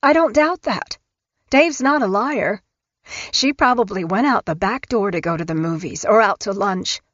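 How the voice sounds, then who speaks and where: A woman's voice: mid-range voice, animated, normal speed, a bit bright, dry recording. A woman voicing a persistent, suspicious grandmother who presses with blunt questions, in an audiobook. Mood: recalling. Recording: dull, dry studio recording.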